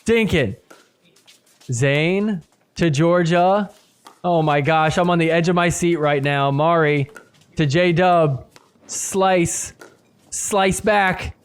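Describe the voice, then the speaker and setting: A man hosting a podcast, recapping a match in play-by-play commentary and getting loud and excited at the big points. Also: on the high side, slow pace, pauses often, clear, resonant tone. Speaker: podcast host.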